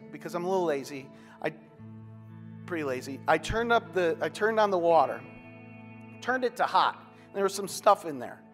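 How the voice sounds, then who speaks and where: A man's voice: sits high, in a large hall. A man preaching a sermon as a pastor, in a conversational way with folksy asides and self-deprecating humor.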